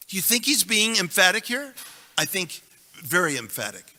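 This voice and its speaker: A man delivers an emphatic scripture lecture, breaking off for wry jokes with his listeners. His voice sits a touch high and has a sharp, forceful edge. The sound carries a long reverb from the temple hall. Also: very animated, moderate pace. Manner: emphatic, joking asides, recites verses. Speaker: scripture teacher.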